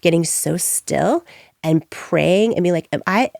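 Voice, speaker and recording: A woman entrepreneur telling her story in an interview, animated and acting out things she once said. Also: on the low side, slow pace, creaky, no echo, studio quality. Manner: animated, acts out her own past lines. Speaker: entrepreneur guest.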